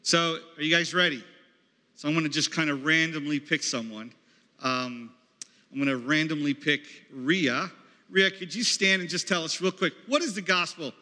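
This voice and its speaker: A man's voice: on the high side, normal speed, pushed and bright. A man leading a campus ministry, preaching in a conversational way and calling on people in the audience. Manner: conversational, calls on audience members. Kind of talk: sermon. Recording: echoey hall.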